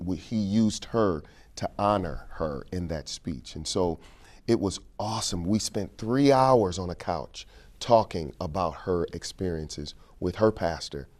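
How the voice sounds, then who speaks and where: Male guest, very low mellow voice, storyteller who repeats lines for weight. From St. Louis, Missouri. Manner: storytelling, repeats phrases for emphasis. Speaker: keynote speaker and King speech performer. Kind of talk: interview conversation.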